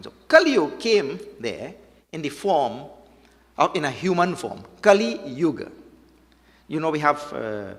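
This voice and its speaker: Man, preacher, mid-pitched voice, repeats words for emphasis, long echo of a hall. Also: a bit bright. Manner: storytelling with rhetorical questions, repeats words for emphasis. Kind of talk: devotional sermon. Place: temple hall.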